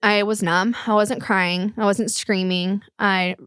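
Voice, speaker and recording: A young woman telling a painful personal story on a podcast, halting and full of fillers, close to tears. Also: medium pitch, fairly even intonation, a bit bright, smooth, no echo. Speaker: guest telling her life story. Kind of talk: podcast conversation.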